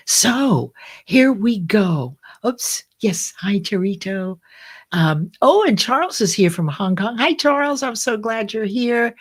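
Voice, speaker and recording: Slow-talking woman hosting a live stream. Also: on the low side, breathy edge. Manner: warm, chatty, greets viewers by name; laughs at herself, corrects slips. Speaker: host of a live online study group. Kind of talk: casual live-stream greeting.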